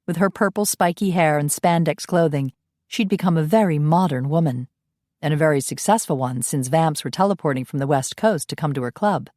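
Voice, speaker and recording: A woman narrating an audiobook in an even storytelling read. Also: sits low, a little fast, no echo, clean studio sound. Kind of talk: scripted narration.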